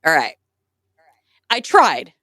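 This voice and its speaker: A woman hosting a casual podcast, telling stories with animated, self-mocking energy. Her pitch leaps and falls with the story. She sits close to a dry, dead-sounding mic. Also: slow, dry recording. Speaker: podcast host.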